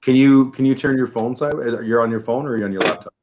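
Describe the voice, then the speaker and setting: In lo-fi audio with a noisy background, a middle-aged Canadian host with a Canadian accent talks fast in a medium-pitched voice. His casual chat is full of rambling, profane tales in which he acts out different voices.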